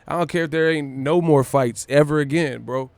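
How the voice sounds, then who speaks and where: A man's voice: fairly high pitch, moderate pace, darkish tone, no room sound, studio quality. A man hosting a boxing livestream, talking in a brash, profane, boastful way with hype energy. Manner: breaks into brief celebrity impressions and laughs. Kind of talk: casual livestream rant.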